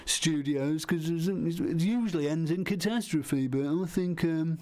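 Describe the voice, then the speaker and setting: A man's voice: a little high, unhurried, darkish tone. A man hosting a comedy radio bit, hesitant and rambling with many restarts. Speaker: radio show co-host character. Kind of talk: improvised comedy sketch.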